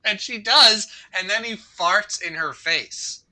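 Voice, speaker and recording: A man's voice: sits high, takes it slowly, sharp tone, low-quality recording. A man co-hosting a crude comedy podcast, rambling through stories in a loose, conversational way. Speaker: podcast co-host.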